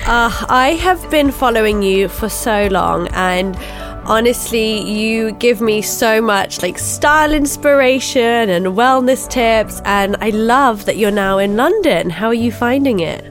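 A woman's voice: a little high, expressive, measured pace, soft background music. A woman hosting a podcast, introducing and chatting with her guest in an enthusiastic, gushing way. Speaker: podcast host. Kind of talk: casual interview chat.

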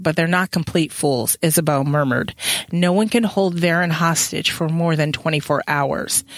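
A woman hosting a casual book chat, reading passages aloud, laughing often and adding quick asides. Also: lowish voice, no room sound. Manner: animated, laughs often, reads aloud and quips. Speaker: podcast host.

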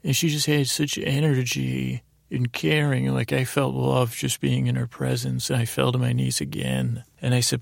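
Close-miked with no room sound, a man's gravelly, medium-pitched voice moves at a moderate pace with few pauses. Hosting a sleep story, he meanders through a dream at bedtime, often using fillers and restarting.

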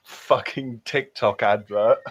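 A man's voice: medium pitch, fairly even intonation, slow pace, breathy edge. A man co-hosting a casual comedy podcast, dry and sardonic. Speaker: podcast co-host.

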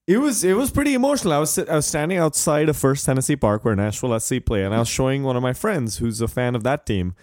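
A man hosting a casual soccer podcast, joking around with quick asides. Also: mid-range voice. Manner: animated, jokey, quick asides. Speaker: podcast host.

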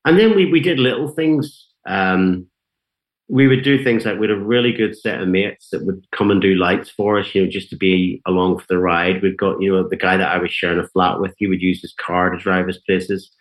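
A very deep-voiced, middle-aged man with a Northern Irish accent settles into a casual interview as a guest guitarist. He tells meandering anecdotes and acts out what others said, his talk dotted with fillers. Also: a little fast, rough recording. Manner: rambling anecdotes, quoting others, many fillers.

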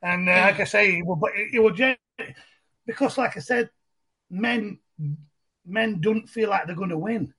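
A middle-aged man with a broad Barnsley accent tells a personal story to a podcast host. His voice sits a little high for a man and is gravelly and husky. He talks in a chatty, rambling way and often repeats and restarts his phrases. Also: normal speed, sharp tone. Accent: Yorkshire, Barnsley. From England. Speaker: podcast guest. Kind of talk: casual storytelling conversation.

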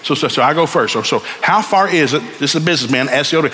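A man preaching a sermon in a church, telling stories in an animated way and building up to shouts. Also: fairly high pitch, racing, a little hiss or hum. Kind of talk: sermon with storytelling.

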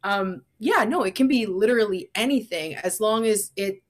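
A woman's voice: mid-range voice, normal speed. A woman with a mid-range voice offers everyday self-care advice. Her delivery is chatty and encouraging, and her sentences are loose and peppered with "like" and "um". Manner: chatty and encouraging, with frequent "like" fillers. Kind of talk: casual conversation.

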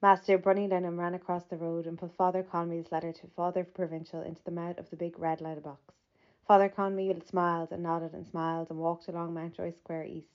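A woman narrating a literary audiobook in a measured, even reading that lifts slightly for quoted speech. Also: on the low side. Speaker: audiobook reader. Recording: slightly muffled lo-fi recording.

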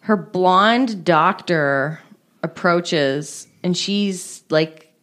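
A woman's voice: on the low side, very slow, fairly bright tone. A woman co-hosting a casual chat, retelling film scenes with many fillers. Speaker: podcast co-host.

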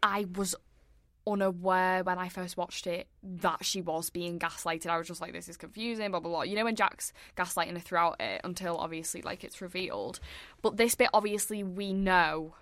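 A woman's voice: on the low side, fairly even intonation, moderate pace, a bit bright, dry recording. A woman co-hosting a podcast in casual chat, reacting animatedly to a film and acting out its lines, with many "like"s. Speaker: podcast co-host.

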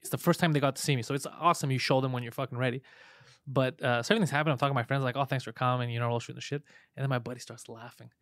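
A male stand-up comedian from Montreal telling animated, profane stories in a casual podcast chat. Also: medium pitch, no room sound, studio quality. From Montreal, Canada. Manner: rapid, profane, animated storytelling.

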